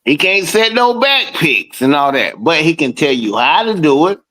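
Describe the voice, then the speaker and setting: This man chats on a podcast call in a loose, swearing style, sometimes through a mouthful of food. His voice sits slightly higher than most men's and he gets animated as he argues. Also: normal speed, low-quality recording. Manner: profane, animated, talks while eating. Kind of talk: casual chat. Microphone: streaming call.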